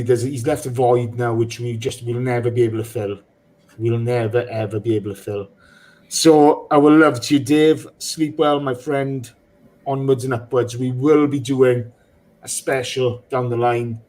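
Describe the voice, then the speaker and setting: A man hosting a football podcast, speaking emotionally and haltingly with many pauses. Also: medium pitch, a little mellow, poor audio. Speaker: podcast host. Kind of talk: casual football podcast chat.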